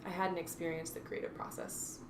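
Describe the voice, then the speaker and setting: Brisk and level in tone, this fairly low-pitched woman in her twenties from North Carolina, USA, chats reflectively as an interview guest. Her talk is casual, with frequent fillers and restarts. She was captured by a distant mic in an echoey room, with faint noise.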